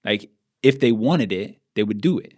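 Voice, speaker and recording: A man's voice: fairly low pitch, lively intonation, darkish tone. Blunt, swearing man ranting on a podcast. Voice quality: blunt, profane and emphatic. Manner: fast rants with repeated "like". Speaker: podcast co-host. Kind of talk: casual podcast chat.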